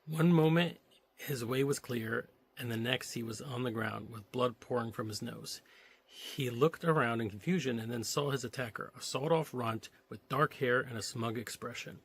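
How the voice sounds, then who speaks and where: A man's voice: medium pitch, normal speed, slightly rough. A man reading a novelization aloud, stopping now and then to joke and comment on the story. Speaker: reader of a novelization.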